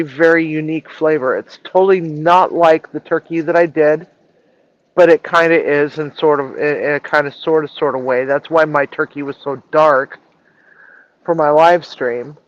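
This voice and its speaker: A woman's voice: low voice, fairly even intonation, normal speed, dull audio. A woman chef telling a story in a casual live stream, acting out the dialogue and swearing freely. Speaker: chef and culinary director.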